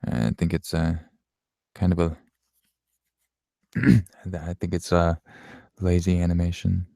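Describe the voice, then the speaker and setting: YouTuber, late 20s man; low gravelly voice, dry close sound, blunt casual Q&A. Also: completely flat delivery, slow pace, mellow, no echo. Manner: blunt and offhand, swears, laughs often. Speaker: YouTuber answering viewer questions. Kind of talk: casual Q&A chat.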